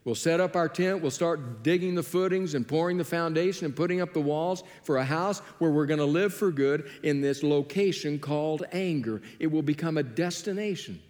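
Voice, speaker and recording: Animated preacher in a reverberant hall. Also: male voice, a little high, normal speed, hardly any pauses. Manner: animated storytelling, acting out biblical dialogue. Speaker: pastor. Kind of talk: sermon.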